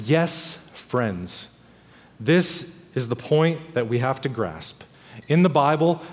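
A man's voice: mid-range voice, in a large hall. A man preaching a sermon to his church as pastor, emphatic and repeating key phrases for weight.

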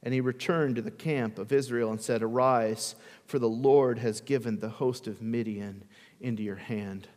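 A man's voice: mid-range voice, fairly even intonation, moderate pace, a little mellow, in a large hall. A male pastor preaching a sermon in a conversational way, often putting questions to the congregation.

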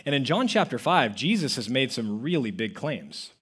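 Man, pastor, sermon, husky, emphatic, acts out quotes. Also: mid-range voice, very animated, normal speed, fairly bright tone. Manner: storytelling with acted-out quotes, emphatic.

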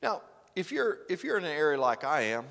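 A man preaching a sermon, swinging from loud exclamations to hushed, earnest lines. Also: on the high side, sing-song, fairly quick, vocal fry. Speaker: pastor. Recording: preaching in a reverberant hall.

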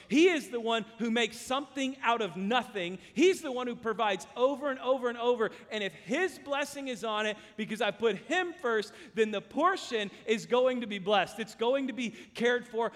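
A man's voice: extremely high pitch, fairly bright tone. A man preaching a sermon as pastor, earnest and emphatic, mixing scripture with personal stories. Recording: long hall reverb.

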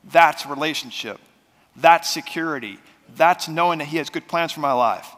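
A man preaching a sermon as pastor, talking in a conversational way that swings between loud and soft. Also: a little high, normal speed, big-room sound. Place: church sanctuary.

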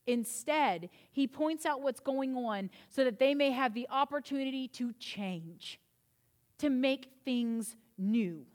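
In church, a woman pastor preaches with a slightly high voice, earnest and emphatic. Her intensity builds, then settles into gentler, reassuring passages.

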